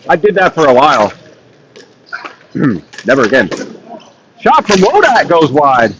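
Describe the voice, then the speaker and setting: A man's voice: on the high side, lo-fi sound, background noise. A man doing live play-by-play for a ball hockey game, chatty and self-mocking, laughing often from his perch beside the rink. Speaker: play-by-play commentator. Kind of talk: live sports commentary.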